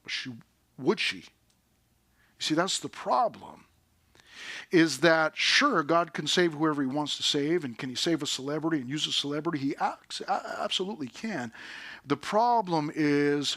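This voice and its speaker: Guy preaching a sermon, bright forceful voice, dry close sound, chatty energetic style. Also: fairly high pitch, unhurried, dry recording. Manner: energetic, conversational preaching with vivid paraphrase. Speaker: pastor.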